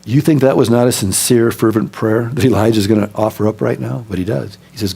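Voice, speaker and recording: A man preaching a sermon as pastor, telling stories in an animated way, acting out scenes and dropping to a soft voice for emphasis. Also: mid-range voice, brisk, creaky, hardly any pauses, breathy edge. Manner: drops to a soft, quiet voice for emphasis.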